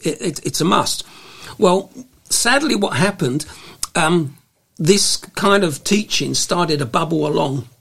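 Gravelly husky man, halting speech. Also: a little high, expressive, a bit bright. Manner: hesitant, with many restarts and fillers. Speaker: guest. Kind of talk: conversational faith discussion.

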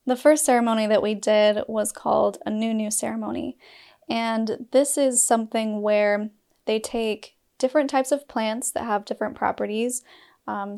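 A woman's voice: fairly high pitch, darkish tone. A woman from Utah telling a personal story in a candid vlog, breaking off with laughs and asides. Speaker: storyteller sharing a personal experience.

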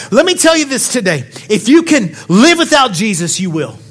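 A male pastor preaching a sermon to his congregation, passionate and full of questions, dropping quiet and then building up to shouts. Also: very high-pitched, big pitch swings, moderate pace, few pauses, soft background music. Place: church sanctuary.

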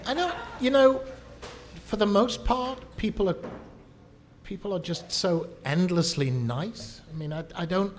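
A man with a fairly high voice tells stories in relaxed chat, stopping and restarting as he hunts for words. He is a guest on a live show in a coffee shop, and faint background noise sits under him. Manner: halting, searches for words, storytelling. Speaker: guest, horror actor. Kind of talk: casual chat.

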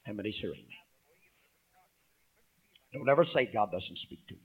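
A man preaching a sermon. He calls out to the congregation, swings from loud emphasis to hushed asides, and reads scripture aloud. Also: lowish voice, animated, normal speed, long pauses, husky, narrow, tinny audio.

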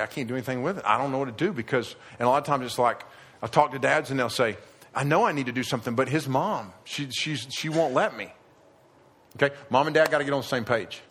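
A middle-aged man preaching a sermon to a live audience, animated and acting out quoted voices, growing emphatic. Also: mid-range voice. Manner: animated, rising to emphatic near shouting at the end. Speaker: pastor. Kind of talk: sermon on parenting.

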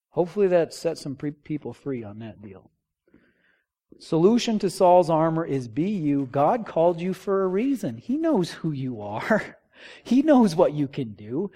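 A man preaching a sermon as a pastor, informal and joking, telling stories with voices for the people in them. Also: a little high. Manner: animated storytelling with acted-out quotes.

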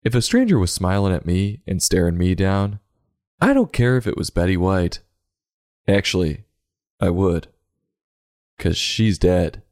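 A man hosting a comedic book review, sarcastic and crude, with deadpan asides. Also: deep voice, unhurried, pauses often. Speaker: podcast host reviewing a book.

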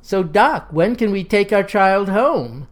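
A woman's voice: mid-range voice, lively intonation, slow. A woman voicing an earnest, stubborn young male farmer who talks in folksy, old-fashioned country phrasing. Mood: insistent.

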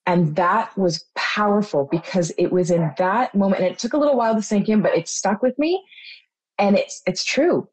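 A woman's voice: mid-range voice, normal speed, darkish tone, slightly rough, dry recording, rough recording. A mother speaking as an interview guest, sharing her story in a heartfelt, openly emotional way. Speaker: mother and program participant, guest. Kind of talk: personal testimonial in an interview.

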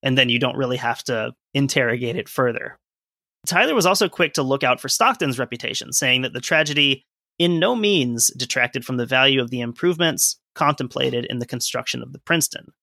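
A man's voice: mid-range voice, lively intonation, brisk, gravelly, pushed and bright, no room sound, clean studio sound. A man co-hosting a casual history podcast, explaining events and reading from sources with offhand asides. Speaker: podcast co-host.

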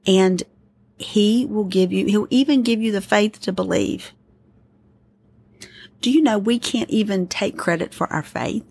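A middle-aged woman hosting a podcast, giving an earnest, gently pleading devotional talk of encouragement. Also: mid-range voice, unhurried, creaky, pauses often, husky. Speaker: podcast host.

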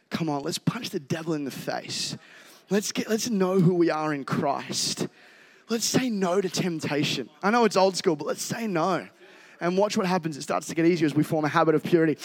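A man preaching a sermon as a pastor, conversational and energetic, rising into shouts when fired up. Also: on the high side. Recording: reverberant hall.

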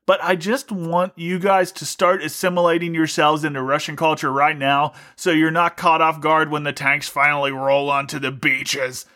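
A man hosting a podcast, delivering a mock-serious satirical rant with deadpan irony. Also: a little high, normal speed, hardly any pauses. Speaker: podcast host. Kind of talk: satirical monologue.

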